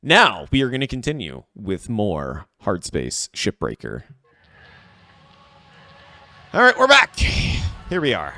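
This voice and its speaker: A young man streaming a game live, chatting to his viewers in an excitable, playful way. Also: on the low side, a little slow, no echo. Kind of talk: live game commentary with chat.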